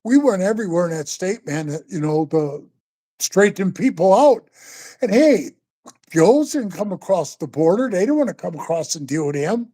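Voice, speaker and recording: A man's voice: sits high, animated, normal speed, warm tone. An older man telling stories in a casual interview, rambling and profane, often calling the listener bro. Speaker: interview guest, former biker club member.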